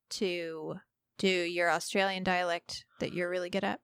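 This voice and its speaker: Animated woman podcast co-host, dry sound. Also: fairly low pitch, a little slow, smooth, dry recording. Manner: animated, teasing storyteller. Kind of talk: casual chat.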